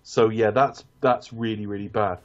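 A man's voice: lowish voice, steady tone, moderate pace, highs cut off. A man co-hosting a casual film review podcast, rambling and correcting himself as he talks, with casual swearing. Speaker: podcast co-host.

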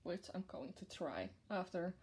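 Breathy, slow-talking young woman vlogger. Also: fairly low pitch, very animated, a little mellow. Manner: gushing and giggly, with frequent laughs. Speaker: vlogger showing a plush unboxing. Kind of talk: casual unboxing chat to camera.

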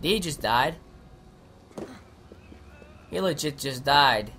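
A young man giving excitable let's play commentary, swearing and shouting at the game. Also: medium pitch, takes it slowly, slight background noise. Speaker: gaming commentator.

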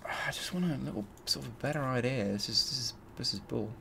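A man's voice: mid-range voice, quick pace, vocal fry, bright, forceful tone, a little hiss or hum. A man hosting a let's play, thinking aloud and grumbling as he searches. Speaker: gaming channel host.

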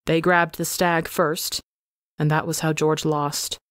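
A woman narrating a fan story aloud for a podcast in a measured, dramatic storytelling manner. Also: deep voice, level tone, dry recording, studio quality. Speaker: podcast reader.

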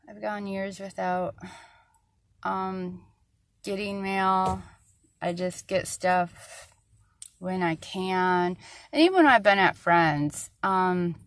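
A woman's voice: fairly low pitch, slow, no echo. A woman venting in a personal vlog, rambling and frustrated, with many fillers and a tired voice. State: tired, struggling to find words. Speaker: vlogger.

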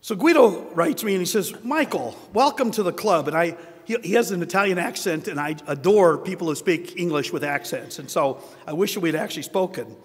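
A man's voice: on the high side, a little fast, few pauses, slightly rough. An older man giving a humorous, self-deprecating award acceptance speech, telling anecdotes in a wry tone. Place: large hotel ballroom at a conference. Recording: long hall reverb.

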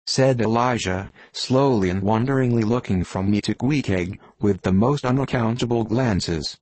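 A man reading a classic novel aloud as an audiobook narrator, in a measured, deliberate way. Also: on the low side, no echo. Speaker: audiobook reader. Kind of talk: scripted narration.

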